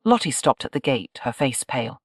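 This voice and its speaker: An audiobook narrator reading a historical romance in an even, measured way. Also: mid-range voice, no room sound, clean studio sound. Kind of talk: scripted narration.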